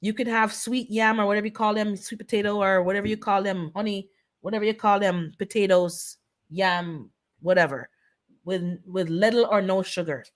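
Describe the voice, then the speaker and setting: A woman's voice: medium pitch, steady tone, moderate pace. A woman of Jamaican descent hosts a casual live-stream chat. Her delivery is earnest and pleading, and she repeats herself to drive points home. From Caribbean, of Jamaican descent. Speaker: host of a live wellness chat.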